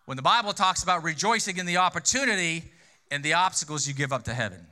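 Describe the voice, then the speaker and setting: A man's voice: fairly high pitch, lively intonation, fast talker, bright, forceful tone. A male pastor preaching a sermon in a conversational way, asking rhetorical questions and repeating key phrases for emphasis.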